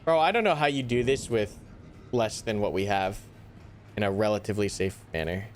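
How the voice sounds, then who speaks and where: A young man giving live commentary on a tactical shooter, animated and easily exasperated, groaning and swearing at setbacks. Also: on the low side, fairly quick, faint music behind. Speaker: gaming YouTuber.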